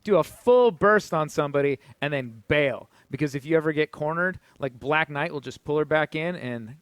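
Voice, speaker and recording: A high-voiced man calls an esports match as co-caster, explaining mechanics and getting excited over plays. The recording is dry and close. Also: moderate pace, no echo. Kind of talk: esports commentary.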